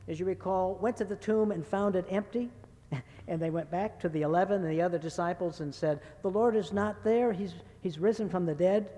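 A man preaching a sermon in a church sanctuary, folksy and full of little jokes and stories. His voice sits a bit higher than most men's, and it rings with a long church reverb. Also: darkish tone. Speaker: guest preacher.

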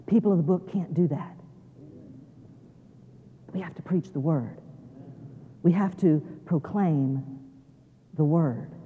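Speaking slowly to seminary students, a guest preacher with a mid-range voice leaves long pauses, and the audio is narrow and tinny with a little hiss or hum. The large chapel adds a long reverb to his folksy, down-to-earth delivery, which is full of small restarts. Each time the main point returns, he grows emphatic and repeats key phrases.

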